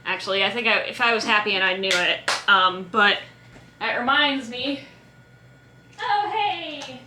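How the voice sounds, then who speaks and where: A woman's voice: mid-range voice, normal speed, noisy background. A young woman chatting in a scattered, self-mocking way in a casual vlog, talking to the camera while she cooks. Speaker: vlogger.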